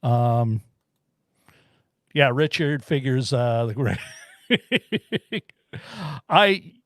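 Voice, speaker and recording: A man's voice: medium pitch, animated, very slow, fairly bright tone, no echo, clean studio sound. A man co-hosting a film podcast, chatting casually and rambling with frequent laughs and restarts. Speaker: podcast co-host reviewing a film. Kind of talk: casual chat.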